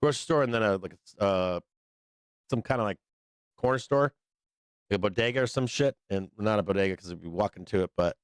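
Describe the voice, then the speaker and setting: A man hosting a live trading stream, chatting casually in a profane, rambling, excitable way. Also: fairly low pitch, a little fast, clean tone, dry recording, clean studio sound. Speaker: livestream trading show host. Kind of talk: casual livestream chat.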